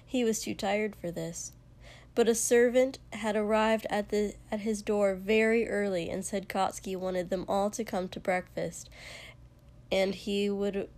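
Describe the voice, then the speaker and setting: A woman reading a story aloud at an unhurried pace. Her voice sits mid-range and her delivery is calm and measured. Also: mid-range voice. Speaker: narrator. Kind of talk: fan fiction reading.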